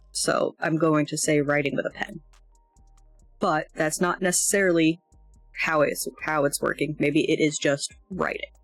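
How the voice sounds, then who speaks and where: Yawning and worn out, this language-learner streamer talks through a casual lesson in a deep voice on a dry recording. She hesitates, wanders off track and pokes fun at herself.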